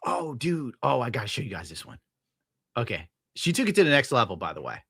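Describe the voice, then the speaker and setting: A man's voice: medium pitch, big pitch swings, a little fast, creaky, a bit bright, breathy edge, no echo. A man streaming and reacting to clips in a crude, sarcastic, profane rant, laughing at his own jokes.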